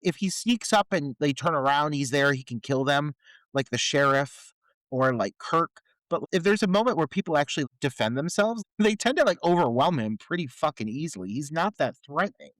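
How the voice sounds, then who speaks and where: Guy cohosting a movie podcast, lively swoopy voice, swears a lot, dry close mic. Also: on the high side, moderate pace, dry recording. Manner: animated, profane, wry. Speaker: podcast co-host. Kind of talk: casual film review chat.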